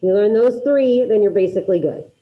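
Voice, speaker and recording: A woman's voice: mid-range voice, lively intonation, brisk. A woman teacher runs a class with upbeat energy, drilling repetition and firing questions at her students. Her voice sits in a middle register. The recording is dull and lo-fi, like a classroom capture. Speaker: Spanish teacher. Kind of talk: classroom grammar lesson.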